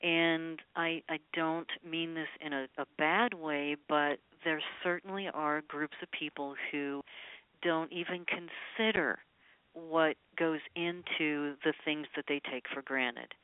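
Guest singer-songwriter woman, smooth but phone-tinny, talks in loose chatty runs, lots of ums. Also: low-pitched, steady tone, takes it slowly, no echo. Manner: chatty, rambling with many ums. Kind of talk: casual interview chat.

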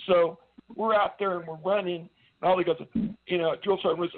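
A man's voice: high-pitched, steady tone, a little fast. Man, army veteran, radio guest, earnest meandering storyteller, tinny phone-line sound.

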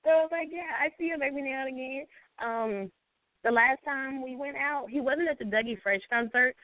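A woman with a Southern US accent, chatting as a guest on a talk show and telling stories in an animated, drawling way. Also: high-pitched, fairly quick, no room sound. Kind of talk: casual chat. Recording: dry, phone-like sound.

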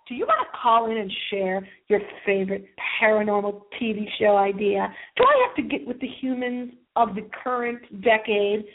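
Over a tinny phone line, a woman whose voice is a little high hosts a call-in internet radio show. She's campy and theatrical, teasing listeners with swooping, drawn-out words.

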